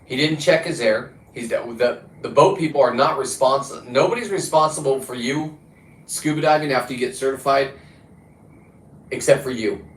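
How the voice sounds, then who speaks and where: A man's voice: mid-range voice, normal speed. A man talking in a casual, rambling monologue about diving and fishing, blunt and profane, often restarting his sentences. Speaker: diver and fishing vlogger. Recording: roomy echo.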